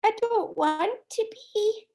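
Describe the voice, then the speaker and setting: A woman's voice: very high voice, slow, darkish tone, pitched above the performer's own voice, exaggerated voice. A woman playing a guarded little girl who answers questions in a matter-of-fact way. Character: bold, poor little girl friend, guarded.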